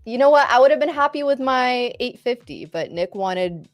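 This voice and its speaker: A woman's voice: fairly high pitch, lively intonation, normal speed, no echo, dull audio, faint music behind. A woman hosting a live trading stream, chatting casually with an upbeat, teasing manner. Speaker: trader host.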